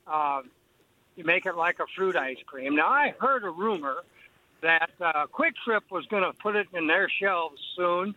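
A man's voice: high-pitched, animated, unhurried, bright, forceful tone. A man calling into a radio show with a chatty, rambling comment. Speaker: caller. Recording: tinny phone line.

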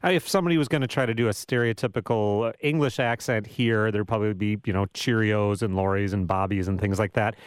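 A man's voice: lowish voice, fast talker, few pauses, clear, resonant tone, no room sound. Curious radio interviewer, male. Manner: conversational, curious, with hesitations.

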